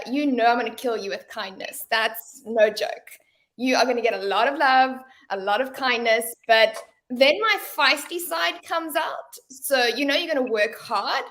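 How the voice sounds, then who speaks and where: A woman's voice: high voice, bright, forceful tone. A woman, a fitness coach, speaking upbeat and friendly about her coaching style, laughing easily. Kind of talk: panel talk.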